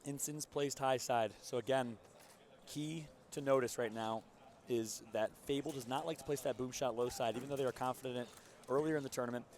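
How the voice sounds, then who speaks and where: A man commentating a live esports match, his voice worn hoarse from cheering with the crowd, talking through plays with excited analysis. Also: mid-range voice, fairly quick. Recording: loud crowd behind the voice.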